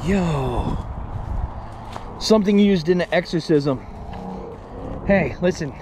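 A man in his thirties vlogging outdoors in the woods, rambling, joking and swearing, getting excited over finds. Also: on the high side, takes it slowly, background noise. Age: 30s. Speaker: paranormal explorer vlogger. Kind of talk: casual outdoor vlog.

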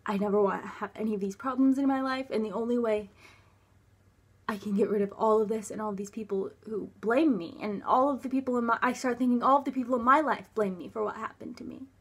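A young woman telling a personal story to camera in a halting way. She restarts often, uses many filler words and sometimes drops to a near whisper. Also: a little high, slightly rough. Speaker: vlogger.

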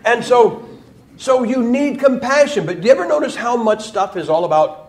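A man's voice: extremely high pitch, animated, moderate pace. A man preaching in a church, joking and emphatic, with mocking quoted voices. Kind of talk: sermon.

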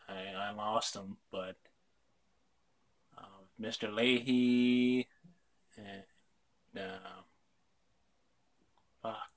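A man's voice: on the low side, a bit bright. A young man chatting casually on his vlog, rambling with lots of fillers and casual swearing. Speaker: vlog host. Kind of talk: casual chat.

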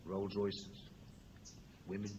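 A man telling a dark comic story on an old television show, switching voices for each character. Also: fairly low pitch, slow, muffled recording, background noise. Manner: animated, shifts voices between characters. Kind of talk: stand-up style storytelling.

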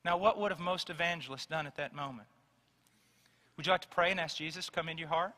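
Fervent high-voiced male preacher. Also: fast, pushed and bright, big-room sound. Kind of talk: sermon.

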